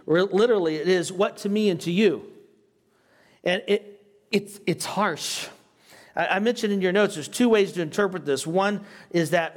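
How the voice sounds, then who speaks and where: A pastor with a high voice and lively intonation keeps a measured pace, his English carrying a slight foreign accent. He runs a Bible study like a conversation, questioning the class as he goes.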